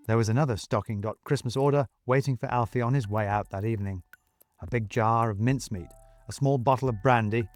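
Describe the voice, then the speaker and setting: A man narrating a story in a steady, measured way. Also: medium pitch, dry recording. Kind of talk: audiobook storytelling.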